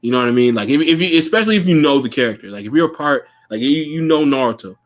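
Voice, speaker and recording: A man's voice: mid-range voice, expressive, rapid-fire. A man hosting a podcast in casual chat, loose and profane, laughing often. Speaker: podcast host.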